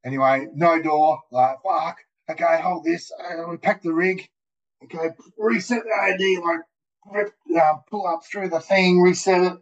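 An Australian man telling rambling, profane skydiving stories in casual, animated talk, full of "mate" and "dude". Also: a little high, a little slow. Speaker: guest, skydiver. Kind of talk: casual storytelling. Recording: muffled lo-fi audio.

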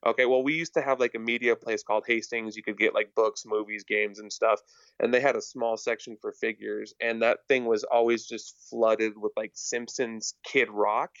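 Low gravelly man, hesitant chat. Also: level tone, moderate pace, a bit bright, no echo, muffled recording. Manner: hesitant, repeats words, many fillers. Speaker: podcast guest. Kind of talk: casual chat.

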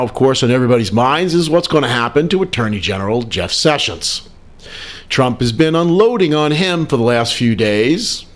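A man hosting a political talk radio show, delivering news commentary with a wry, sarcastic edge. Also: medium pitch.

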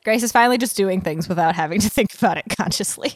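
A woman's voice: medium pitch, fast talker. A woman hosting a podcast, reading a story aloud and breaking off into giggly, chatty asides. Her voice sits in an ordinary mid register. The sound is dry and close, with no room echo. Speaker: podcast host reading fan fiction aloud.

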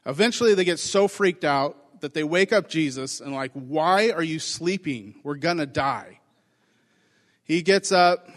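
A middle-aged man as pastor, preaching a conversational sermon and acting out quotes in lively voices. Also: a little high, long reverb tail.

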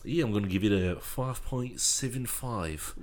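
A man's voice: fairly low pitch, moderate pace. A man co-hosting a casual movie review podcast, laid-back and chuckling, who slips into accents. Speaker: podcast co-host. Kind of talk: casual chat.

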